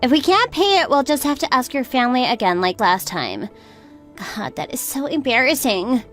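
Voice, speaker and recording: A woman's voice: high-pitched, very animated, moderate pace, a bit bright, faint music behind. A woman voicing a stressed young mother who pleads and sounds upset. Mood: distressed.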